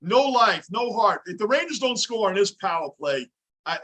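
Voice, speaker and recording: High, bright-voiced ranting sports fan man. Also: lively intonation, normal speed. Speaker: livestream host. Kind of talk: live sports reaction commentary. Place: home basement.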